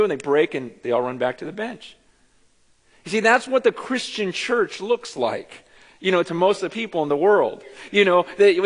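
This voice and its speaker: Middle-aged guy preaching, chatty and animated storytelling, voice a bit high, big church hall echo. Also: fairly quick. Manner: conversational storytelling, animated and self-deprecating. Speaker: pastor. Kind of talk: sermon. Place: church sanctuary.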